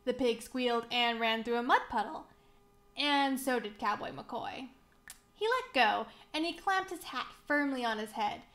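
A woman reading a children's picture book aloud, slow, clear and expressive for young children. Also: fairly high pitch. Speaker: museum storybook reader.

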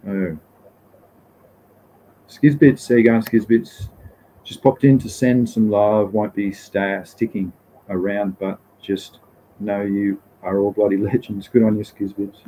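With long pauses and a slow, steady pace, a man with an Australian accent answers chat questions in a fairly low, mellow voice on a casual live Q&A stream. He rambles easily, dropping slang and the occasional swear word. The low-quality audio has a little hiss or hum.

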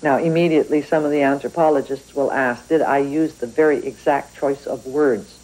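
A woman's voice: rumbling low, fairly even intonation, normal speed, a little mellow, poor audio. A woman from Canada, a writer talking about her work in a thoughtful, conversational interview. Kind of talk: reflective interview talk.

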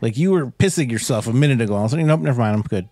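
A man's voice: medium pitch, rapid-fire, slight background noise. A man co-hosting a podcast, chatting casually about a movie, swearing a lot and acting out lines from it. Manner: profane, animated, acts out lines. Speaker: podcast co-host.

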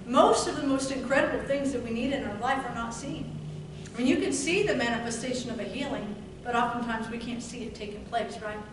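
A woman preacher with a high voice leans into scripture with fervent, drawn-out emphasis. She is recorded from a distance in a strongly echoing church hall. Noise sits clearly under her voice. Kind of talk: sermon. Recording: echoey room from far off, noisy.

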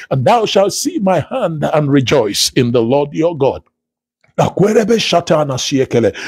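A man leads a fervent prophetic prayer broadcast, declaring prophecy in repeated refrains, calling for praise and breaking into speaking in tongues. His voice sits on the high side, a little mellow with a breathy edge, and there's no room sound.

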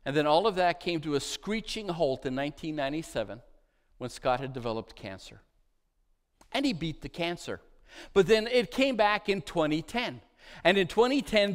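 High-voiced male pastor preaching. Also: clear, resonant tone. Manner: emphatic, swings between loud declarations and hushed soft phrases; storytelling with repeated lists. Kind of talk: sermon. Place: church sanctuary.

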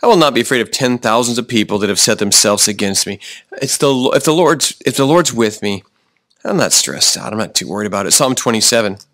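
A pastor preaching a sermon, often slowing down for emphasis and restarting his sentences. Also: mid-range voice, lively intonation, fairly bright tone, no echo. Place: church.

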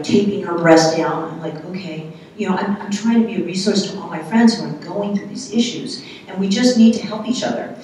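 Soft-spoken woman on a panel, far off. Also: fairly low pitch, slight background noise. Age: middle-aged. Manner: candid, soft-spoken, halting. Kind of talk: personal story on a panel. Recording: echoey hall from far off.

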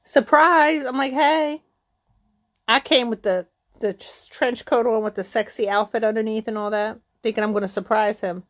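A middle-aged woman telling a story in a casual, profane way, acting out the quotes with sudden jumps in pitch. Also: fairly even intonation, a little fast.

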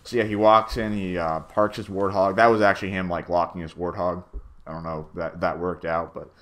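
A man's voice: deep voice, flat delivery, brisk, fairly bright tone. A young man giving a rambling, stammering director's commentary on his own machinima, full of fillers and swearing.

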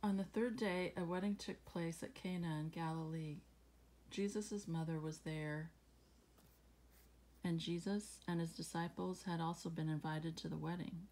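Low husky woman reading the bible at home, gravelly, lots of ums and little laughs. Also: fairly even intonation. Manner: reads scripture slowly, then muses with fillers and soft laughs. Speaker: Bible reading channel host. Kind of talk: casual Bible reading and reflection.

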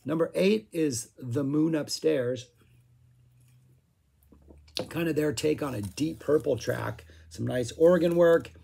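A man casually talking through his favorite songs, with frequent fillers and a voice that is going hoarse. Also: a little high, takes it slowly, pauses often, dark tone. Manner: rambling, filler-heavy, hums guitar riffs. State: losing his voice, clearing throat. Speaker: music review vlogger. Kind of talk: casual chat.

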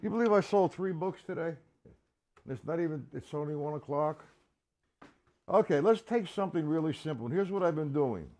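A man's voice: on the high side, animated, normal speed, noisy background. Chatty man teaching drums. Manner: chatty, addresses viewers by name, counts beats aloud. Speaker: drum teacher. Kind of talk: casual live-stream drum lesson.

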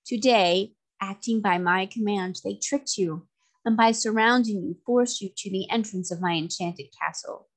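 Reading in her natural mid-range voice, a woman takes on the part of a male sea magician bent on revenge. He gloats, speaking slowly and sweetly with a calm that mocks.

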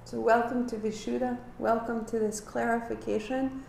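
A woman's voice: a little high, normal speed, creaky, slight background noise. Echoey woman leading yoga class. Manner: calm guiding cues, then animated storytelling with acted quotes. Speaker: yoga teacher. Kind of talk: live yoga class instruction.

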